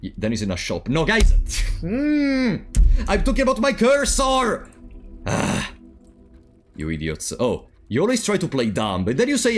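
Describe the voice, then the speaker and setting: A man's voice: high voice, measured pace, soft background music. A man streaming a puzzle game, thinking aloud and bantering with his chat. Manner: thinking aloud, chatting with viewers, animated swings. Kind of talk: casual let's-play commentary.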